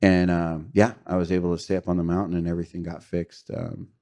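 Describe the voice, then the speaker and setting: Low-voiced middle-aged man, podcast guest, candid and confessional testimony with fillers. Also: level tone, fast talker, dark tone. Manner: earnest, confessional, with frequent fillers and short laughs.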